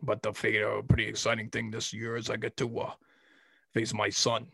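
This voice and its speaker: A man doing an impression of a boastful, trash-talking college football coach, with a deep gravelly drawl. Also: completely flat delivery, fairly quick, bright, forceful tone, dry recording, exaggerated voice. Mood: cocky trash talk.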